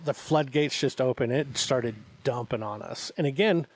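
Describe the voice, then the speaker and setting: A man's voice: medium pitch, moderate pace, no echo. Man, podcast co-host, casual storytelling, acts out quotes, mid-range voice, dry studio sound. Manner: animated anecdote-telling with acted-out quotes.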